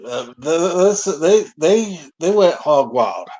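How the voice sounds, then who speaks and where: A man's voice: on the high side, very animated, slow pace, a little mellow, husky. Wry, joking man in casual chat. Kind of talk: casual chat among friends.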